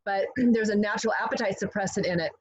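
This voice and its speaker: A middle-aged woman earnestly sharing a personal testimonial over a video call, clearing her throat now and then. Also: medium pitch, fast talker. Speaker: guest giving a testimonial. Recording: slightly dull call audio with faint hiss.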